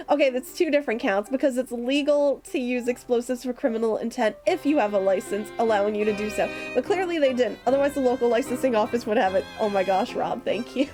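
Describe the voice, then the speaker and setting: A woman's voice: fairly high pitch, brisk. A woman streamer reading a visual novel aloud on stream in a playful, giggly manner. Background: soft lo-fi music.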